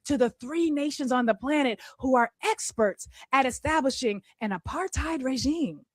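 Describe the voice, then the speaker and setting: A woman argues her point in short, firm, declarative sentences. Her voice is high and clear. The sound is dry and close, with no room echo. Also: animated, moderate pace. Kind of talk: formal argument.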